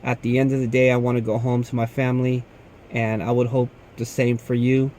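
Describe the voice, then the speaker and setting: A man's voice: medium pitch, flat delivery, a little fast, dark tone, slight background noise. A young man working as a security guard, talking casually to camera and acting out the people he quotes. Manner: laid-back, says "man" often, tells stories with quoted dialogue.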